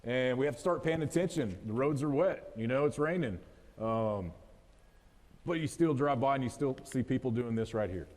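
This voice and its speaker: With a mid-range, darkish voice, lively intonation, and a moderate pace, a West Texas man in his thirties jokes his way through a folksy motivational talk to a live audience. His West Texas accent comes through clearly. Long reverb from the event hall hangs on the sound.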